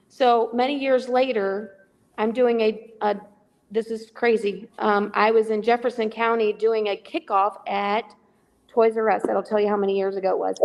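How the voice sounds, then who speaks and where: Over a remote call, a middle-aged charity volunteer shares a story as a guest on a call-in podcast, voicing each quoted line with animation. Her pitch sits a little high at a normal speed, with a long reverb tail trailing her words.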